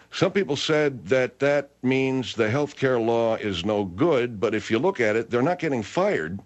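A male talk radio host speaking in a wry, meandering, self-deprecating way. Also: mid-range voice.

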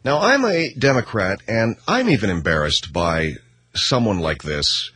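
A male talk radio host with a sarcastic, emphatic delivery and a lively pitch that swings up and down. His voice is a little husky, and the studio sound is close and dry. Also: measured pace, no room sound.

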